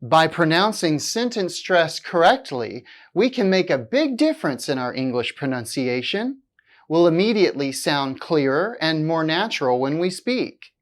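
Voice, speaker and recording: A woman teaching English, reading a scripted lesson slowly and deliberately, with exaggerated stress on key words. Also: low-pitched, big pitch swings.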